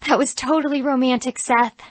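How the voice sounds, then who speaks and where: A woman's voice: sits high, fairly even intonation, brisk, no echo, pitched above the performer's own voice. A woman voicing a wry teenage girl with a dry, joking way of talking. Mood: teasing.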